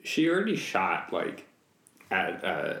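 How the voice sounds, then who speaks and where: A man's voice: low voice, wildly swooping pitch, slow pace, creaky, fairly bright tone. A man co-hosting a comedy podcast, talking in a wry, rambling way with lots of "like" and "you know". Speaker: podcast co-host. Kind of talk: casual comedic chat. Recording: roomy echo.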